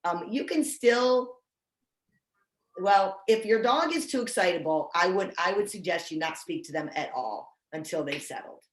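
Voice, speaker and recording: A woman's voice: lowish voice, lively intonation, moderate pace. Woman, dog trainer, casual video-call chat, roomy sound. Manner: chatty, self-deprecating, restarts often. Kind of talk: casual online training talk.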